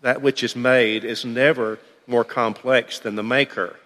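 A man's voice: medium pitch, fairly even intonation, measured pace, a bit bright, big-room sound. A man teaching a church Bible class in a conversational, thinking-aloud way.

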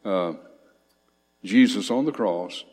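Man, preacher, sermon, lowish voice, emphatic scripture reading, long hall echo. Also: slow, a little mellow, slightly rough. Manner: reads scripture aloud with swelling emphasis, frequent fillers.

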